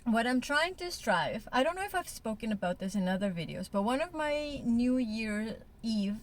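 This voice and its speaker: A woman's voice: fairly high pitch, lively intonation, normal speed. A woman in a candid couple conversation, talking frankly and emotionally, with blunt swearing. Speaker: co-host.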